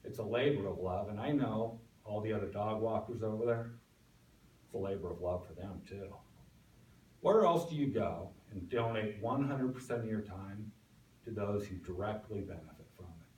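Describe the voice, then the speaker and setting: A club speaker with a lowish, slightly mellow voice gives an animated, folksy prepared speech full of stories at a moderate pace. The distant room mic captures an echoey meeting room plus a little hiss or hum.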